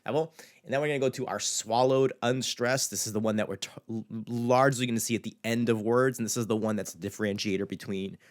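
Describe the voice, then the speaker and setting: A native European Portuguese speaker with a European Portuguese accent, a man teaching a pronunciation lesson and slowly repeating words to model each sound. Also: mid-range voice, steady tone. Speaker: language teacher.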